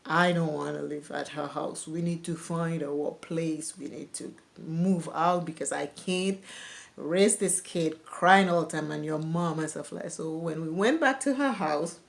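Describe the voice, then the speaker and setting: A young woman speaks to her camera in a candid, confessional vlog, telling her own life story. Her voice sits somewhat low for a woman. She laughs now and then even as she recalls painful memories. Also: measured pace, gravelly. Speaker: vlogger. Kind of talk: personal storytelling.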